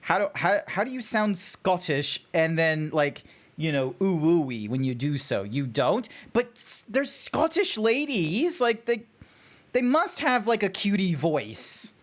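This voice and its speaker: Animated Australian man streaming a game. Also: a little high, a little slow. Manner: chatty, animated, talks to chat while playing. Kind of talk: casual gameplay commentary.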